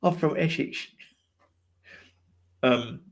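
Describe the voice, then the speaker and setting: A man's voice: mid-range voice, extremely slow. A man co-hosting a podcast, chatting casually and meandering through stories about films and TV. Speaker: podcast co-host.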